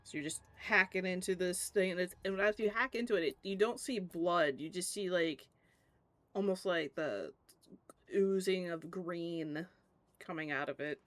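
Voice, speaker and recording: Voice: mid-range voice, unhurried, fairly bright tone, no room sound. A game master running a tabletop game, giving rulings and plainly describing the scene.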